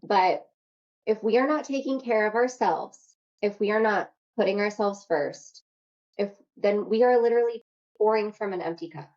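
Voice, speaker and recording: A young woman coaching on self-love in a casual, energetic workshop talk, swearing freely. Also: medium pitch, normal speed, highs cut off. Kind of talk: workshop talk to an online audience.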